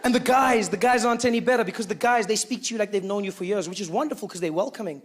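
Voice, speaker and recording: A young man from Johannesburg with a South African accent, telling a stand-up story in an animated, self-mocking way. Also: high voice, rapid-fire. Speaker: stand-up comedian. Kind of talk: stand-up comedy routine.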